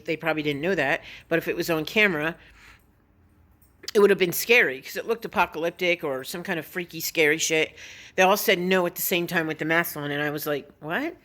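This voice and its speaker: A woman's voice: low voice, a bit bright. A woman vlogging casually, telling a story in a blunt, opinionated way and swearing now and then. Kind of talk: casual vlog monologue.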